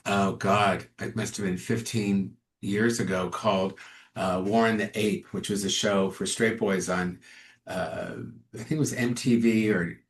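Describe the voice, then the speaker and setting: A low-pitched man talks as a guest on an interview show. He tells stories with animation and acts out the other people's lines as he goes. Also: fairly even intonation, a little slow. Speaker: actor and comedian guest. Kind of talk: casual interview storytelling.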